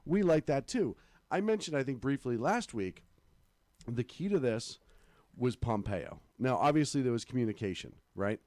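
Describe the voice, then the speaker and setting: A man's voice: medium pitch, big pitch swings, normal speed, darkish tone, no echo. A middle-aged man co-hosting a casual political chat show, blunt and opinionated, swearing freely. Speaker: co-host.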